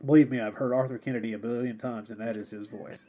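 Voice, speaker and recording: Male podcast co-host, husky and mellow, casual rambling film talk. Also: medium pitch, steady tone, fast, muffled recording. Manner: rambling, repeats words, laughs often.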